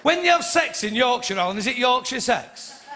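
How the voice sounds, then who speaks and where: A northern English stand-up comedian with a high, gravelly voice works the crowd in a brash, teasing way. His voice rings through an echoey live venue, over loud audience laughter and chatter. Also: expressive, moderate pace, background noise. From north of England. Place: comedy club stage.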